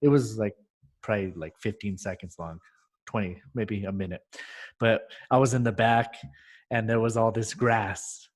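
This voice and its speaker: A man co-hosting a casual chat, rambling through memories and acting out scenes in animated voices. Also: lowish voice, moderate pace. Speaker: podcast co-host.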